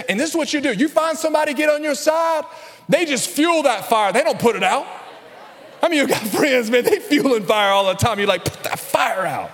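A male pastor preaching a sermon to his congregation, building up to loud, emphatic calls and addressing the crowd directly. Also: extremely high pitch, expressive, fairly quick, faint music behind. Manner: preaching with rising intensity, calling out to the congregation. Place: large church hall. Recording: reverberant church hall.

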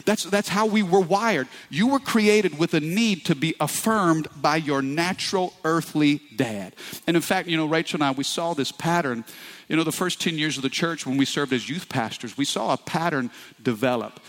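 A man's voice: a little high, normal speed, fairly bright tone. A middle-aged male pastor preaching a sermon with passion, often turning to the congregation with asides. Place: church sanctuary. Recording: echoey hall.

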